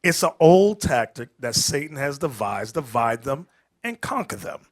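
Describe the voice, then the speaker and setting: A man teaching a Bible class, preaching emphatically, calling out to the room and rising to shouts, with casual street-style asides. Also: mid-range voice, normal speed. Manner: animated and emphatic, calls out to the room, rises to shouting.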